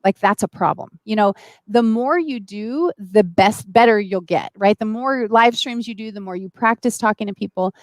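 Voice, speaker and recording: A woman's voice: mid-range voice, moderate pace, no room sound. A woman hosting a live-stream interview, talking eagerly and speaking straight to her viewers. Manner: enthusiastic, addresses viewers directly. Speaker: host.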